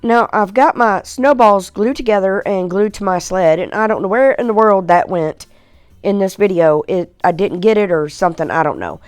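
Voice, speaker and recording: A woman's voice: medium pitch, animated, normal speed, no room sound. A woman chatting casually as she narrates a home craft project, folksy and self-mocking, with lots of fillers. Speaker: craft video host. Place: at home in a recliner.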